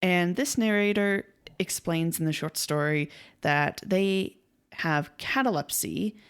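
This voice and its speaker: A woman's voice: on the low side, slow, smooth. A young woman co-hosting a casual podcast, retelling a story in a chatty way, acting out quotes and laughing easily. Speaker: podcast co-host.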